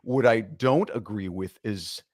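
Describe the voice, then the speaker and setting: A man's voice: fairly low pitch, unhurried, no echo, clean studio sound. A man speaking as a podcast guest, giving emphatic, punchy motivational advice. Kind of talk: motivational talk in an interview.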